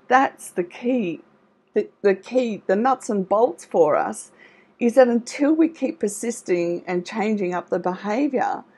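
A woman's voice: medium pitch, slightly rough. A middle-aged woman coaching an online audience, reassuring and encouraging, often checking in with "okay?" as she goes. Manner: warm, encouraging, reassuring, with frequent "okay?" and "all right?". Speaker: trauma recovery coach. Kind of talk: live online coaching talk.

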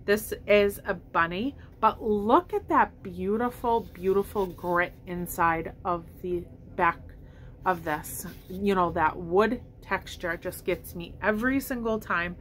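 Speaking slowly in a slightly bright mid-range voice, a vlogger talks to camera about her shopping haul indoors at home. Her chat is upbeat and rambling, interrupted by hiccups, with slight background noise.

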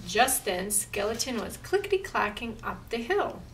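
A woman reading a picture book aloud at a library storytime, slow and expressive. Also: fairly high pitch, recorded from a distance, slight background noise, rough recording.

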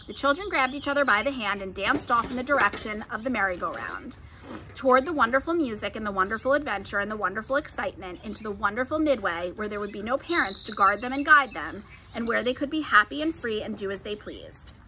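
A woman reading a children's novel aloud, narrating gently and expressively. Her voice is bright and sits a little high. She tells the story at an even, inviting pace. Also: fast, slight background noise. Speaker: storybook reader.

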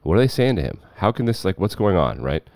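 A man hosting casual sports commentary, sarcastic, jumping between loud bursts and low muttering. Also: sing-song, fast, gravelly, dry recording, studio quality.

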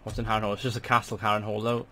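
A young man giving chatty let's play commentary as a gaming channel host, swearing in sudden excited outbursts at a desk microphone. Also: lowish voice, very fast, slight background noise.

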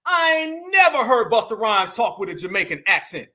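A man hosting a reaction commentary show, loud and mocking, often repeating catchphrases and addressing his viewers as "y'all.". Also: very high voice, sing-song, moderate pace.

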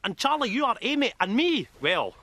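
An actor with a Scottish accent playing a cocky, daft young tank soldier in a comedy series, chatty and playful. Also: male voice, extremely high pitch, sing-song, moderate pace, pushed and bright, exaggerated voice. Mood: excited. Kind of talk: sitcom acting.

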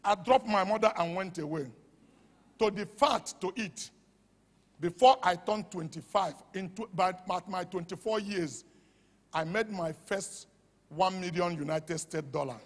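A Nigerian-accented male pastor preaching with fervour. His voice sits high and slightly husky, and it rings through a long hall reverb. He swings from shouted peaks to hushed asides. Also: measured pace. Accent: Nigerian English. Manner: fervent, shouting at peaks, dropping to a hush for quoted asides. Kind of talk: sermon. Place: church hall.

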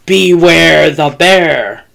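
A woman voicing a big, hungry male bear in a children's story, growling and booming her lines. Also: expressive, very slow, creaky, fairly bright tone, exaggerated voice. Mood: growly menacing.

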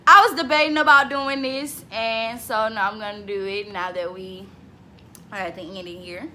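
A woman of twenty chatting casually to camera in a vlog, lively and talkative, breaking into bits of song. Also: fairly high pitch, a little hiss or hum. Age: 20s. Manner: chatty, animated, laughs and sings bits. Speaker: vlogger.

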